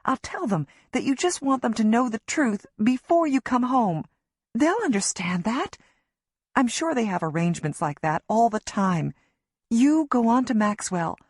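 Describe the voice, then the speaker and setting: A woman's voice: on the high side, animated, moderate pace, dry recording, studio quality, voice pushed up. A woman voicing a terrified young mother held captive, pleading tearfully and breathlessly. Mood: coaxing. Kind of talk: audiobook narration.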